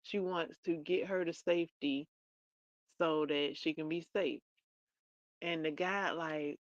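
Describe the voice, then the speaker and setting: Slow-talking woman chatting about a book. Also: low voice, no echo, dull audio. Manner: chatty, retells scenes in her own words with playful asides. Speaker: livestream host. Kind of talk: casual book chat.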